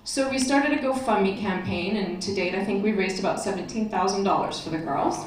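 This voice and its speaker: A woman's voice: mid-range voice, a little fast, heavy background noise. Brief woman speaker on stage, chatty, emotional, very echoey hall, heard from far off. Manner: chatty, laughing, openly emotional. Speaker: convention speaker. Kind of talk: storytelling speech to an audience.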